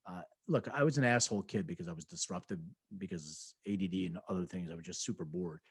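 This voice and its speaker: Low-voiced man telling rambling stories. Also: fast, breathy edge, no room sound. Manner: rambling anecdotes, acts out quoted voices, laughs often. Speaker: podcast co-host. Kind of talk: casual chat, storytelling.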